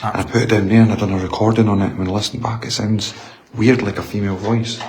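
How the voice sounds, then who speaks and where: A man's voice: fairly low pitch, level tone, fast, roomy sound, background noise. A Scottish man investigating hauntings, recapping casually and hesitantly with frequent ums. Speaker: paranormal investigator.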